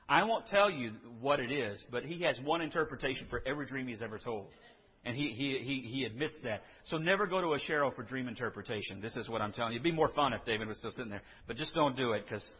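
A man's voice: mid-range voice, slightly rough. A man preaching a sermon in a conversational storytelling way, with asides and humor. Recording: dull recording in a reverberant hall.

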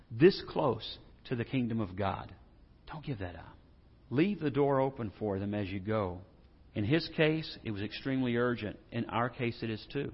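A man preaching a sermon as pastor, conversational with humorous asides, swinging from quiet stretches to loud bursts. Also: medium pitch, muffled recording.

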